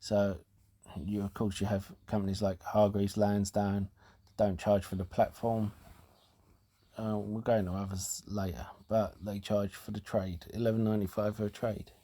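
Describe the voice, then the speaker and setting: A man hosting a casual talk show, explaining things in a halting way with fillers and restarts, and sounding out of breath. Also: on the low side, flat delivery, warm tone. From United Kingdom. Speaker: host.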